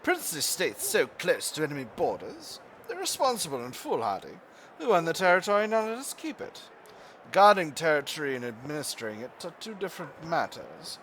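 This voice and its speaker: A man's voice: a little high, wildly swooping pitch, fairly quick, a bit bright, full character voice. A man voicing a pompous British colonial official in a put-on British accent, declaiming game event text in a noisy recording. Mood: haughty.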